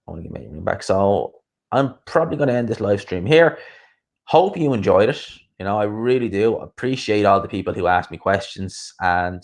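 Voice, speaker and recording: An Irish man hosting a boxing channel, chatting casually on a live stream, rambling and swearing freely. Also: lowish voice.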